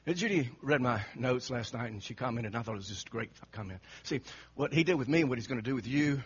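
A man preaching an animated sermon, telling the story dramatically and acting out the quotes with frequent laughter. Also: mid-range voice, fast talker, husky. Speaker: pastor. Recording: muffled lo-fi recording.

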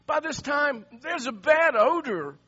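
A man's voice: extremely high pitch, expressive, unhurried, a bit bright, voice pushed up, heavily acted. A man doing a grieving, doubtful woman. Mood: pleading. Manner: pleading and doubtful. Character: anxious woman grieving her dead brother. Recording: slightly muffled sermon recording.

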